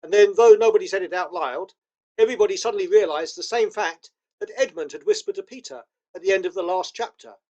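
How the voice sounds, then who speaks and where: A man narrating a children's novel aloud with expressive storytelling. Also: high voice, quick pace, highs cut off. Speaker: audiobook narrator.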